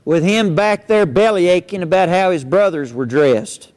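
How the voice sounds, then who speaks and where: A man's voice: high voice, moderate pace, a little mellow. A man, a cowboy storyteller reciting poems and tales for children in a folksy, playful drawl. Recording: long hall reverb.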